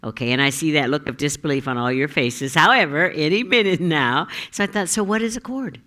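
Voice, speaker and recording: A woman minister giving a Sunday sermon in a giggly, animated way, fond of jokes. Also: extremely low pitch, fast. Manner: giggly, joke-telling, animated.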